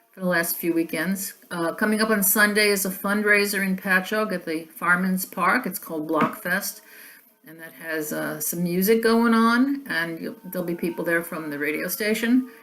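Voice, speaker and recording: A woman talks casually to camera from her home, her voice sitting a little low. She rambles from one thing to the next with a dry, wry humor. Soft classical music plays faintly in the background. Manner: rambling, wry, chatty asides. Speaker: vlogger.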